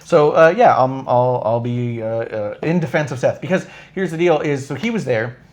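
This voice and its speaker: A man hosting a live podcast, talking at a middle pitch in loose, casual chat. He rambles through an anecdote, swears freely and slips into quoted dialogue with changing voices. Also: moderate pace, darkish tone. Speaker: podcast host.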